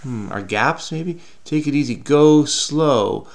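A man's voice: on the high side, lively intonation, slow pace. A middle-aged man casually thinking aloud while solving a crossword, hesitant and self-questioning, often trailing off with "I don't know.".

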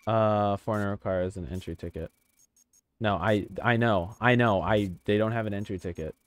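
A man giving excitable, chatty let's-play commentary while playing a video game, swearing casually. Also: fairly low pitch, moderate pace. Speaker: gaming channel host.

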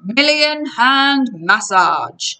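A woman's voice: on the high side, sing-song, drawn-out words, pushed and bright, pitched above the performer's own voice, heavily acted. Woman doing a pushy giant salesman. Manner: wheedling sales patter. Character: pushy male giant waterbed salesman, sly, boastful.

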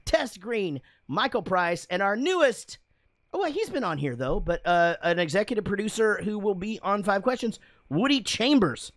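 A man's voice: sits high, dry recording. A man hosting a podcast in casual, rambling chat, swearing often and laughing a lot. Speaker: podcast host. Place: studio room with guests.

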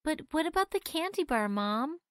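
A caring young girl from a children's storybook, as a woman reader puts her on, worried for her little brother. Her voice is pitched high and childlike. The recording is dry and close. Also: very animated, normal speed, dry recording. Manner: urgent, worried.

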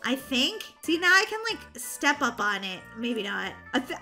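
A woman chatting casually over gameplay, bubbly, excitable and easily exasperated. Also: high-pitched. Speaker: gaming channel host.

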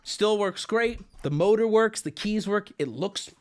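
A man livestreaming from his home setup, telling his chat a story in an animated, profane, self-mocking rant. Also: high-pitched, unhurried.

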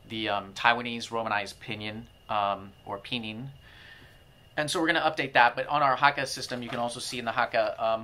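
A man gives a relaxed video lesson on transcription systems. His voice is bright and clear at a middling pitch. He thinks aloud as he goes and stops to sound out vowels and tones. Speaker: language-learning company founder explaining pronunciation. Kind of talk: informal video lesson to camera.

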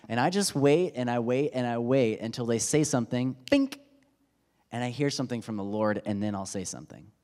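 A man's voice: medium pitch, brisk, darkish tone. Male pastor in his thirties, chatty joking sermon, church hall with long reverb. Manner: conversational, self-deprecating humor, acts out quotes. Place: church sanctuary.

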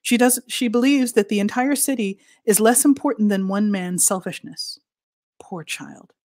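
A woman's voice: fairly high pitch, no room sound. Woman reading fiction aloud, dry sound. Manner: expressive, deliberate reading that drops to soft near-whispers for emphasis. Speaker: author reading at a literary event.

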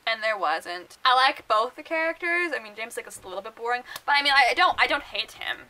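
A young woman rambling through casual book vlog commentary, full of fillers and quick laughs. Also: a little high, expressive, bright, forceful tone, low-quality recording. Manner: chatty and rambling, many fillers, laughs often. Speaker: book vlogger.

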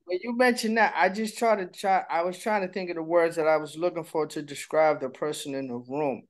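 A podcast co-host telling stories in casual chat, dropping the voice low at times and laughing. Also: brisk. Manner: storytelling, drops voice low, laughs.

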